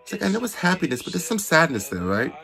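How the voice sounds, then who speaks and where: A man hosts a reaction video in casual, expressive chat, sassy and quick to exclaim at what he sees. His voice sits a little high and sounds bright and forceful. Faint music plays underneath. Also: vocal fry.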